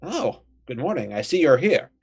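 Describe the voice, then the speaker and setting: A man's voice: fairly high pitch, very animated, moderate pace, creaky, slightly rough, pitched above the performer's own voice, heavily acted. A man voicing a strange druid who speaks in a stilted, ceremonious way in a tabletop game. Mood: solemn.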